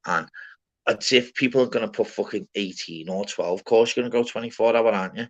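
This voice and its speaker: A low-voiced man chatting casually. He swears nonstop, rambles, and peppers everything with lad and mate. The audio is a touch dull and lo-fi. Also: brisk. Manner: swears constantly, rambling and blunt. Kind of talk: casual chat.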